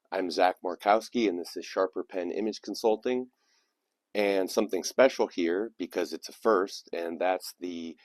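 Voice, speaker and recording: A man's voice: deep voice, no room sound. A man hosting his channel, reading submitted poems aloud and adding reflective, digressive commentary between them. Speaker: channel host. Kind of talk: casual commentary and poetry reading.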